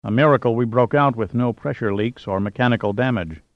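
A man's voice: medium pitch, fairly quick, dry recording, lightly acted. A man voicing a cheerful, genteel older man with a plummy manner, in a storybook reading. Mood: genial. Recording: dull dry lo-fi audio.

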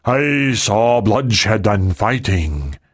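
A man voicing an aging male oracle who speaks slowly and quietly in an audiobook. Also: on the low side, lively intonation, breathy edge, no room sound, clean studio sound, exaggerated voice. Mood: solemn. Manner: slow, quiet. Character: aging male oracle, weary then eager.

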